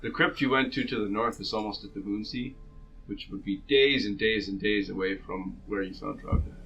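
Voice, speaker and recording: A man's voice: on the low side, fairly quick, fairly bright tone, highs cut off, soft background music. A man running a tabletop game as game master, patiently clarifying details for the players.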